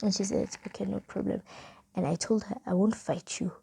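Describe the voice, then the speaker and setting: A young South African woman with a South African accent, casually telling a storytime vlog and reading old chat messages aloud in a soft, half-whispered way. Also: mid-range voice, steady tone, a little fast, vocal fry, husky. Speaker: vlogger.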